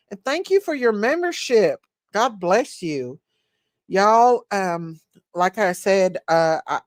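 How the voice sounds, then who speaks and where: A woman's voice: mid-range voice, dry recording, clean studio sound. A woman hosting a casual livestream, chatting, laughing and greeting viewers by name. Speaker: livestream host.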